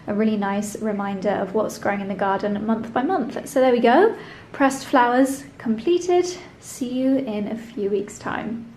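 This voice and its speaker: A woman's voice: on the high side, a little mellow, a little hiss or hum, low-quality recording. A woman chatting casually to camera at home in a playful, giggly way. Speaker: lifestyle vlogger. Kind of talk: casual vlog chat to camera. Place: at home indoors.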